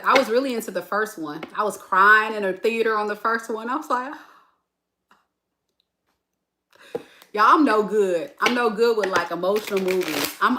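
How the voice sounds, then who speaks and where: A woman doing a casual tarot reading for viewers, chatty and animated, calling them "y'all.". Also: mid-range voice, background noise. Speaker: tarot reader.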